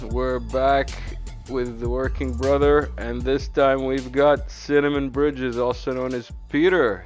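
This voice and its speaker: A man's voice: mid-range voice, steady tone, slow pace, faint music behind. A man hosting a casual podcast chat in a jokey, easygoing way. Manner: jokey, laughs easily. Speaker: podcast host.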